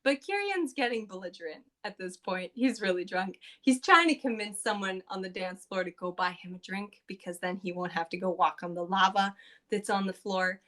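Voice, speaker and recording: A woman's voice: mid-range voice, fairly bright tone. A woman podcast co-host casually recapping a tabletop game session, chatty and loose with lots of fillers.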